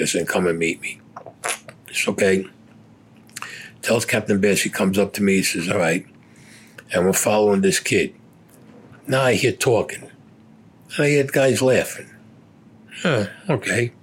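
A man's voice: on the low side, slightly rough. An older man, a war veteran, telling a gritty personal story in blunt, profane speech, acting out what people said.

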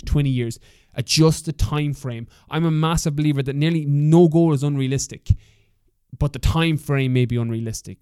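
A man's voice: mid-range voice, mellow, smooth, no room sound, studio quality. A young adult man with an Irish accent hosting a motivational solo podcast, talking candidly and swearing freely in a coaching tone. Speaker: podcast host.

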